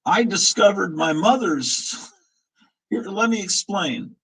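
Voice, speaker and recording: Male host, 50s, husky and a bit high, loose rambling chat with opinions and chuckles. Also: animated, slow pace, a bit bright, poor audio. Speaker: show host. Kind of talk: casual live-stream chat.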